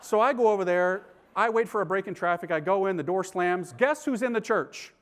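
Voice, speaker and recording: Male priest-speaker, high-pitched, animated comic storyteller, slangy. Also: brisk, a little hiss or hum. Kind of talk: humorous conversion story told to an audience.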